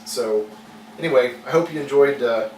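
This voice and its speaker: Man, cooking channel host, mid-pitched and casual, rambling delivery, roomy distant mic. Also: moderate pace. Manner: relaxed and rambling, many fillers and restarts. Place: home kitchen. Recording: echoey kitchen, mic at a distance, audible noise.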